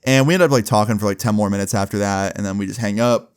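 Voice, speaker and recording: A man's voice: on the low side, fast, clean tone. Laid-back young man telling a story. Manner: slangy, laid-back, lots of "like" and "bro". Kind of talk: casual storytelling.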